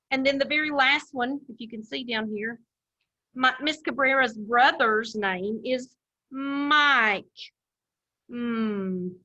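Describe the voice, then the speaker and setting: Slow, bright-voiced woman teacher. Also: mid-range voice, lo-fi sound. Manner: slow, patient, drawn-out enunciation of sounds. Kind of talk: recorded phonics lesson for young children. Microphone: camera.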